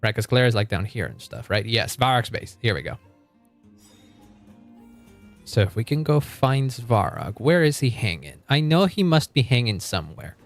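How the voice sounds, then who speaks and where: A man's voice: medium pitch, very animated, normal speed, faint music behind. A man streaming a game and chatting casually with his viewers. He rambles, restarts his sentences and laughs often. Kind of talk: casual live-stream chat.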